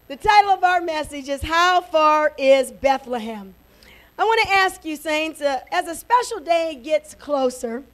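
A woman pastor preaching and praying fervently at a church service, breaking in often with amens and praises. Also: sits high. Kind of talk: sermon.

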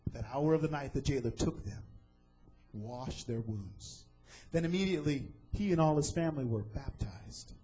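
A man's voice: medium pitch, animated, normal speed, warm tone, husky, soft background music, low-quality recording. A man preaching a sermon, retelling a scripture story dramatically and asking the listeners questions.

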